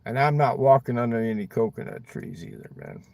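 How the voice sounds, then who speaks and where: Gravelly rambling man talking in his car. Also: medium pitch, fairly quick, a little mellow, no room sound. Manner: rambling, drawling, swears a lot, ends lines with "man". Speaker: livestream host. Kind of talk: casual chat with viewers. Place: inside a parked car.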